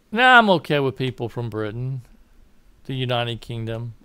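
A political commentator with a Southern American accent talks at a moderate pace in a mid-range voice. His tone is sharp and clean, with no room sound. He rambles through his political views, often self-correcting and laughing at his own asides.

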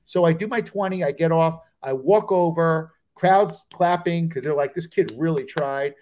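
A middle-aged man with a slightly higher voice tells a road story, bouncing between narration and snatches of quoted voices. He is from New Jersey and speaks as a comedian guest on a video call show. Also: moderate pace, darkish tone.

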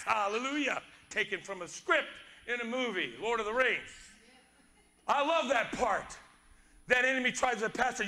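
A male pastor preaching with fervor, swinging from shouted lines to hushed, quiet passages. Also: very high-pitched, expressive, moderate pace. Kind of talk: sermon.

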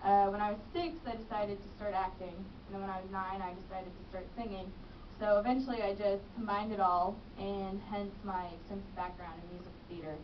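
A young woman who is both an actress and a business manager chats in a radio interview, laughing easily. Her mid-range voice is steady and brisk, and the radio studio audio sounds distant and muffled, with background noise.

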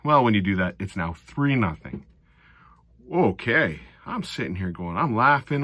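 A middle-aged man giving a casual recap of a hockey game, animated and sarcastic, often exasperated. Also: on the low side, normal speed, no echo. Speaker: hockey fan commentator.

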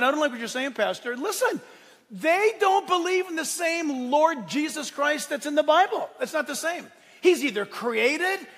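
A male pastor preaching a sermon, swinging between loud, emphatic declarations and quiet asides. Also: very high voice. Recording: long hall reverb.

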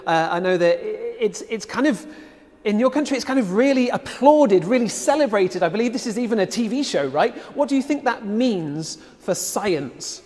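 A man's voice: high-pitched, lively intonation, moderate pace, darkish tone, in a large hall. A man hosting a live-streamed competition final, chatting casually with many ums. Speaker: host.

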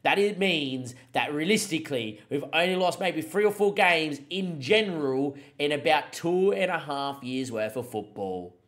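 A young man with a high, bright voice calls a football match from a management game. He speaks in quick, punchy bursts and jumps up loudly whenever a goal comes near. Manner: excitable, shouts at big moments. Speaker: gaming streamer.

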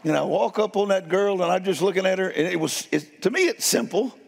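An older man, preaching a sermon and telling stories in a folksy, playful way, with a gravelly, husky voice. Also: sits high, lively intonation, brisk. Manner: folksy, playful, addresses crowd as y'all. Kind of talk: sermon storytelling. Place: church sanctuary. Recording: long hall reverb.

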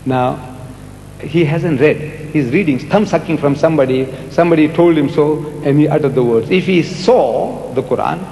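A man's voice: a little high, moderate pace, gravelly. Older man speaking animatedly in an echoey hall. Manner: animated, rhetorical, repeats words for emphasis. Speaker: speaker answering audience questions. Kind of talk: public debate Q&A. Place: large lecture hall. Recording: echoey hall with faint music.

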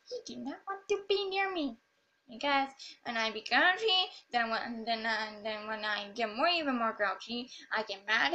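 Bright high-voiced silly gamer girl. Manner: rambling, silly and jokey. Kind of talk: casual gameplay commentary.

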